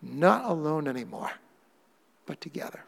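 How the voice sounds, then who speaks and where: A man's voice: a little high, normal speed, gravelly. Guy preaching in a church, acts out the quotes, echoey hall. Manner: animated, acts out quoted lines with playful voices. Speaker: pastor. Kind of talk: sermon.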